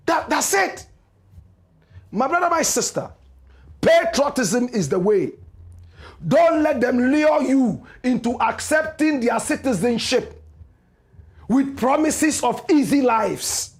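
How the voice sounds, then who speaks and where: A man with a high voice and a Ghanaian English accent hosts a political commentary show. He preaches with passion, driving each point home through repeated rhetorical refrains. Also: expressive, slow pace, pauses often. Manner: impassioned, preachy, repetitive rhetorical cadence. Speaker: radio and online show host.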